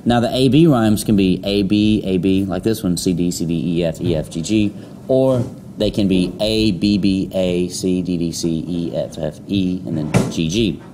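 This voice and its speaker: Male teacher lecturing a class, low and warm, lots of ums and restarts. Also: moderate pace, a little hiss or hum. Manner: rambling, many fillers and restarts.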